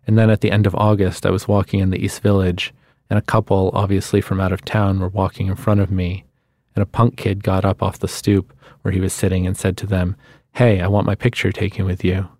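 A man reading a literary short story aloud in a measured storytelling manner, on a studio microphone. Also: low-pitched, monotone, a little mellow, dry recording. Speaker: guest reader.

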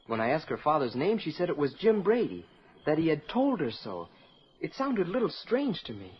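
A man's voice: on the high side, wildly swooping pitch, normal speed, slight background noise. An actor playing a polite, earnest teenage boy who speaks eagerly and respectfully, in 1940s radio acting. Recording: dull old radio broadcast.

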